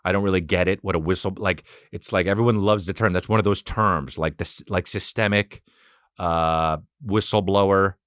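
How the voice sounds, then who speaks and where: A man's voice: low-pitched, steady tone, moderate pace, a bit bright, no echo, studio quality. A man hosting a podcast alone at home, talking in a loose, profane, rambling comedic monologue that jumps from topic to topic. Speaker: podcast host. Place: home room with a fan running.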